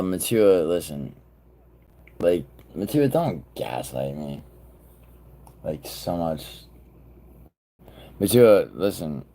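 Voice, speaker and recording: A man hosting a live stream, chatting loosely with viewers in a profane, rambling way, with sudden loud outbursts. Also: deep voice. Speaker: livestream host. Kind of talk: casual live-stream chat reacting to viewers.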